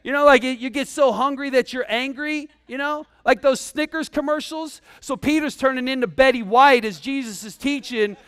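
A man delivers a sermon as a pastor, talking to his listeners in an easygoing, joking way full of slang asides. His voice sits high for a man. The sound is close and dry. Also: moderate pace, few pauses, a bit bright, smooth, no room sound. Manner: casual, humorous preaching with slang asides.

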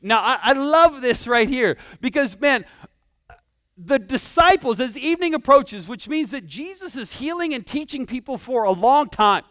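A man delivers a sermon as a pastor, talking to his listeners in an easygoing, joking way full of slang asides. His voice sits high for a man. The sound is close and dry. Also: animated, moderate pace, a bit bright, dry recording. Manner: casual, humorous preaching with slang asides.

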